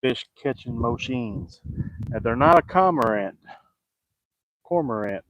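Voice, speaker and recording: A man's voice: mid-range voice, expressive, unhurried, no room sound, muffled recording. A middle-aged man, fishing outdoors and joking as he answers viewers in casual chat. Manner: folksy, joking, talks back to viewer comments. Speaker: fishing vlogger.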